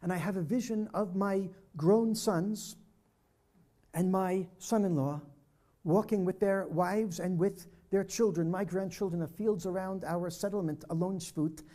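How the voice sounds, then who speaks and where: Older male storyteller, mellow tone, brings the quoted dialogue to life for a church audience. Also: high-pitched, a little slow. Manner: vivid storyteller acting out dialogue. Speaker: speaker at a peace dialogue presentation. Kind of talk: personal storytelling talk. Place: church hall presentation.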